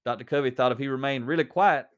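A man's voice: medium pitch, fast talker. Conversational man reading a story aloud. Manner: conversational, with fillers. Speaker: reader and commentator.

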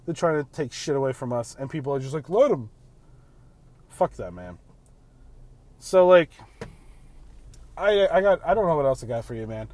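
A podcast host talks from behind the wheel in a casual monologue, his mid-range voice lively and a little mellow at a moderate pace, pausing often. He rants bluntly, swears heavily, and keeps tacking "man" onto his lines.

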